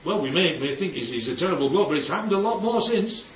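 A man's voice: high-pitched, expressive, quick pace, a bit bright. A man giving an informal Bible teaching to a group, often asking the listeners questions and checking they follow. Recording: distant, dull, roomy recording with faint noise.

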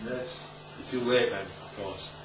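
A medium-pitched preacher talks a little slowly with fairly even intonation in an informal, chatty Bible talk, often checking in with those listening. Background noise is present, and the recording is roomy, distant and dull.

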